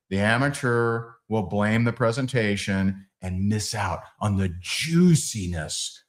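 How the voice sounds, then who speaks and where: A man in middle age runs a sales training with a lively, swooping delivery. He jumps into little acted scenes and his pitch sits right in the middle for a man. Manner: animated, acts out dialogues with big pitch swings.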